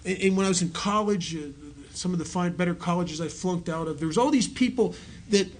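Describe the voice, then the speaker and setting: A man's voice: sits high, brisk. Joking man giving a recovery talk. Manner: joking, self-mocking storyteller. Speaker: recovery meeting speaker. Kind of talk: personal recovery talk to an audience. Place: meeting hall with a live audience.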